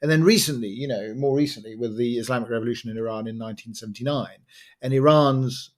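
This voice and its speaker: A man explaining at a brisk clip. He weaves asides and fillers into long, winding sentences, as a podcast co-host in relaxed expert conversation. His pitch sits mid-range for a man. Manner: fast, digressive, many fillers and asides.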